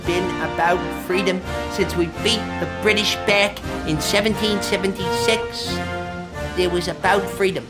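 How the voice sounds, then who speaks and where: A man's voice: high voice, fairly even intonation, unhurried, over loud music. A man playing an evasive, whiny movie mogul in a comedy sketch, stammering and full of self-pity. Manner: stammering, self-pitying, breaks into wailing. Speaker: guest.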